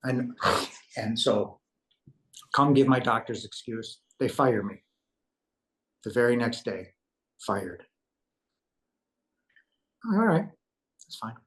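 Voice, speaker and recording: A man at an average pitch shares a personal story as an interview guest. He speaks casually and earnestly. He brings remembered conversations to life with animated delivery. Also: slow pace, pauses often. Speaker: interview guest recounting a near-death experience.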